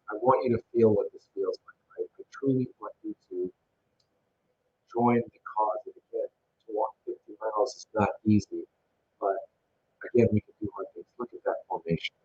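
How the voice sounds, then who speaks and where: A man's voice: on the low side, husky. A man casually narrating photos from an event he organized, enthusiastic and rambling, with many fillers. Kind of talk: casual photo slideshow commentary. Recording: dull lo-fi sound with faint noise.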